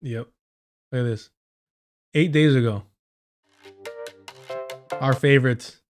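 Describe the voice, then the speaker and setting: A man's voice: mid-range voice, takes it slowly, soft background music. A man streaming live and reacting to clips with profane, sarcastic commentary. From United States. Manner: profane, sarcastic, mocking voices of clip figures.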